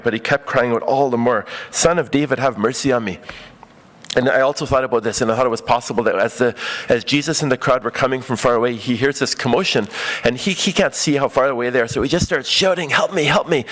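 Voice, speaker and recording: A man's voice: mid-range voice, fairly bright tone. A man preaching a conversational sermon, talking casually with many fillers and acting out the voices he quotes.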